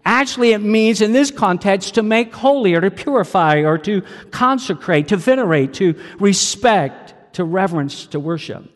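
High-voiced man preaching in a reverberant hall. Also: lively intonation, moderate pace, few pauses. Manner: storytelling, asks the audience questions. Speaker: pastor. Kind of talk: sermon.

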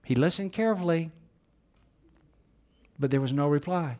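A man's voice: a little high, normal speed, a little mellow. A man preaching a sermon, telling stories with acted-out quotes and light humor. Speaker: pastor.

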